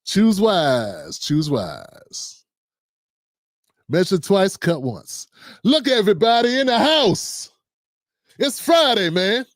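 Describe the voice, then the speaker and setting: A man's voice: sits high, sing-song, slow pace, pauses often, no echo, studio quality. A middle-aged man hosting a casual political talk show, riffing loosely and playfully with slang and asides to his audience. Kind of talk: casual livestream commentary.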